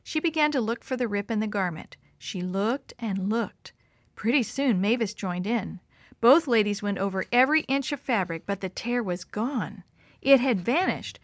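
A woman reads a children's story aloud with expressive, lively storytelling. Her voice sits fairly high, and the recording is close and dry, with no room sound. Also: moderate pace, no echo.

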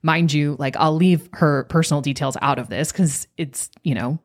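A woman coach talking on a podcast, guiding listeners through an exercise and telling a story from a workshop in an animated way. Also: sits low, moderate pace. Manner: animated, acts out quoted voices.

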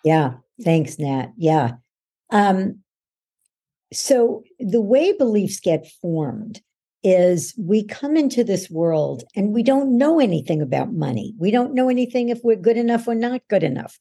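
A woman with a gravelly, husky voice answers a podcast question at length. Her tone is dark and mellow, and she explains patiently and instructively, slipping into short acted-out voices as examples. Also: medium pitch, sing-song, unhurried. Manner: patient and instructive, acts out everyday voices to illustrate points. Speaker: podcast guest, belief-change coach.

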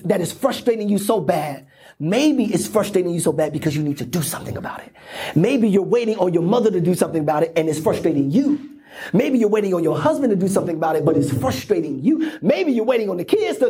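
A man pastor delivers a lively sermon in a church sanctuary. His voice is deeply husky and rough-edged. He acts out inner conversations, swinging into hushed whispers and bursts of laughter. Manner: animated preaching that acts out inner dialogue, with laughs and sudden whispers.

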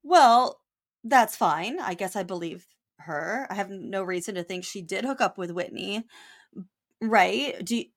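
A woman's voice: lively intonation, measured pace. A woman co-hosting a podcast, chatting casually and wryly, acting out quotes as she recaps. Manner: wry, acts out quotes with lifted pitch. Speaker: podcast co-host.

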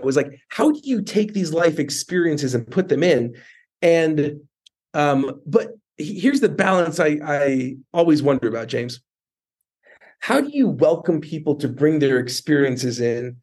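A man's voice: a little high, a little mellow. A man hosting an interview podcast, telling a personal story in a casual way with many restarts. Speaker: podcast host.

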